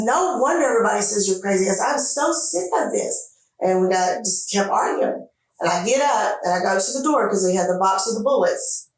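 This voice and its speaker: A woman in a police interview room tells her story with animated energy, acting out every line of dialogue and cursing freely. Her voice sits at an ordinary pitch for a woman. The sound is caught from across a hard, echoey room. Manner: animated retelling, acts out quoted dialogue, swears freely. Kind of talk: recounting events to detectives. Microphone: distant room camera mic. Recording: echoey room picked up from far off.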